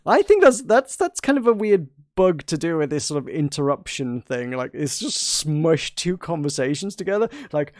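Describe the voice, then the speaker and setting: A man's voice: fairly high pitch, very animated, normal speed, hardly any pauses, a little mellow, no room sound, studio quality. A man hosting a casual gameplay commentary, chatty and amused, reading game lines aloud as he goes. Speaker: gameplay host. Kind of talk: casual let's-play commentary.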